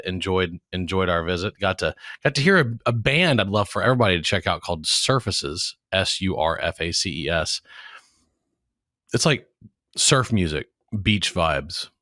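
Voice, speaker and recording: A man in his forties hosts a podcast in loose, joking chat, trailing off and restarting his words as he goes. His voice sits very low yet comes across bright and forceful. The sound is dry and close, with no room around it. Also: normal speed, dry recording. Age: 40s. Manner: rambling, jokey, restarts words often. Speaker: podcast host. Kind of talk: casual chat.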